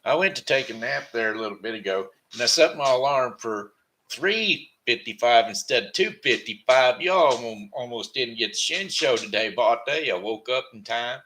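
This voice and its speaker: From his home in Missouri, a tired, sleepy man hosts his daily broadcast, rambling casually while repeating words and correcting himself. His mid-range voice is expressive and sharp in tone at a normal speed, with slight background noise.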